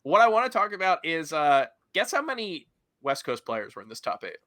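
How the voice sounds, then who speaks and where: A man's voice: on the high side, big pitch swings, a little fast, sharp tone. A man hosting a casual gaming podcast, talking with lots of fillers as he steers the topic. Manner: rambling, many fillers, steers to the next topic. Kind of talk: casual chat.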